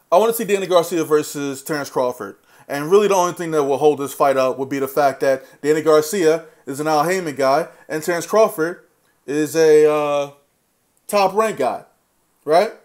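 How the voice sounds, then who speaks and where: A man with a slightly raised pitch delivers a heated boxing rant in loose speech. He is blunt and opinionated, swearing freely and addressing fighters directly as if they were listening. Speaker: boxing commentary vlogger.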